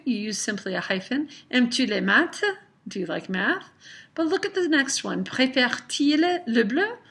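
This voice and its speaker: Bright-voiced woman teaching a lesson. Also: mid-range voice. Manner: clear, explanatory, gives slow example sentences. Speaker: French teacher. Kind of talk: recorded classroom grammar lesson.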